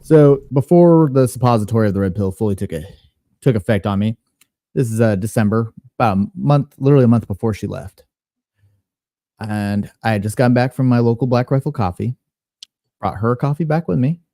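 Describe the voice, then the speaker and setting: A man on a podcast panel telling a personal story in a casual, animated and profane way. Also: medium pitch, brisk, no echo, clean studio sound.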